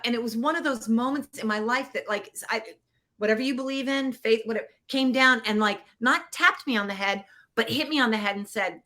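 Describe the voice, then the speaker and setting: A woman guest on a podcast telling a personal story in a casual, animated way, acting out quoted voices and getting teary. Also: on the high side, brisk. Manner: animated, acts out quoted voices, laughs often. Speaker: podcast guest, producer and actor. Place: Los Angeles.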